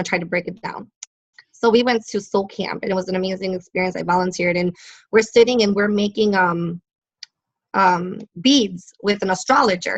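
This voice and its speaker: A woman's voice: medium pitch, dull audio. A woman guest talking as a psychic medium in a casual interview, telling stories animatedly and laughing often.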